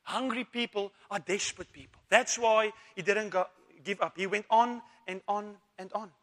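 A man's voice: high-pitched, steady tone, normal speed, a bit bright. A man preaching a sermon, asking rhetorical questions, calling for amens and repeating words as he goes. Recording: long reverb of a church hall.

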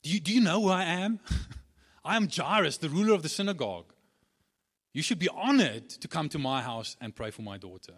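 A man voicing an arrogant, demanding male synagogue ruler who speaks loudly and boastfully. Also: fairly high pitch, expressive, a little fast, husky, long reverb tail, pitched above the performer's own voice, heavily acted. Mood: haughty. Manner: loud, boastful, indignant.

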